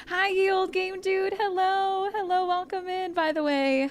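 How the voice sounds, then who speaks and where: Bubbly high-voiced woman streamer. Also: moderate pace, hardly any pauses. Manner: bubbly, effusive, giggly. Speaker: livestreamer. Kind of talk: casual livestream chat with viewers.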